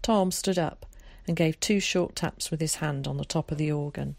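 Low-voiced woman reading an audiobook. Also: normal speed, gravelly, dry recording. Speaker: narrator. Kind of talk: audiobook narration.

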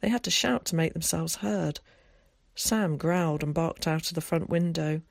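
An audiobook narrator reading a novel in a measured, even storytelling manner. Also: mid-range voice, gravelly, dry recording, studio quality. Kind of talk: scripted narration.

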